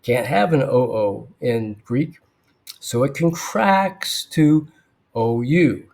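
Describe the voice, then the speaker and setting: A man teaching biblical Greek verse by verse, thoughtful, with frequent fillers and throat clearing. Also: mid-range voice, a little mellow.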